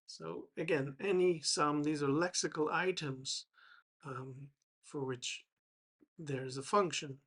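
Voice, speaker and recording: Slow, halting male English teacher. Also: a little high, fairly even intonation, fairly bright tone, breathy edge. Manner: slow and hesitant, many fillers and restarts. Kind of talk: explaining grammar to learners.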